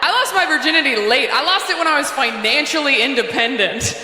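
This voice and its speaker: A woman with a fairly high, bright voice does stand-up in a brisk, matter-of-fact way. Her voice carries the reverb of a live hall. Faint ambience sits behind it. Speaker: stand-up comedian. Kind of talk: stand-up comedy set.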